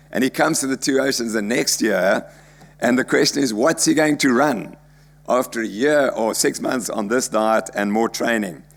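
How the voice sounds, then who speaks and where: A man's voice: mid-range voice, creaky. An older man giving a chatty, anecdotal conference lecture about slides he shows. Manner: chatty, anecdotal, jokey asides.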